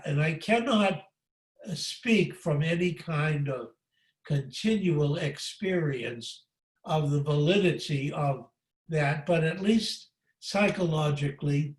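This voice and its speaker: Halting older man teaching, echoey and distant. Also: fairly high pitch. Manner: halting, many fillers and restarts. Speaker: monk giving a spiritual talk. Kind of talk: unscripted spiritual teaching. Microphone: video call. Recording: echoey room, distant from the mic.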